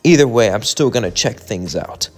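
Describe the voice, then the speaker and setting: A man's voice: on the low side, animated, normal speed, a little mellow, faint music behind. Arrogant cat god of destruction, a man voicing him. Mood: smug. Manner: blunt, threatening.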